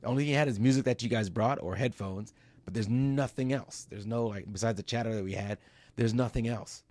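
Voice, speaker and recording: A man's voice: medium pitch, brisk, darkish tone. A middle-aged man telling a story in a casual interview. He talks with open emotion, swears freely and acts out his own reactions as he goes. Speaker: company CEO recounting an ocean row.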